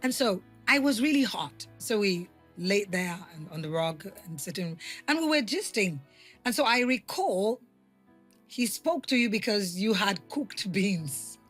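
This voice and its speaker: A middle-aged woman, the mother, recalling a family memory in a halting, searching way. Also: medium pitch, lively intonation, faint music behind. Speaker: podcast guest, mother. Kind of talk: casual family conversation.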